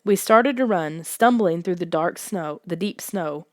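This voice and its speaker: A woman narrating a children's suspense story in a soft, hushed audiobook reading. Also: on the low side, expressive, unhurried, dry recording, clean studio sound.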